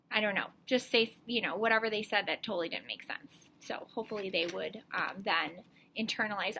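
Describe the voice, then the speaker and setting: A woman's voice: a little high, lively intonation, a little fast, bright, forceful tone. A woman reading specialist giving parents an informal, step-by-step talk, chatty and full of ums.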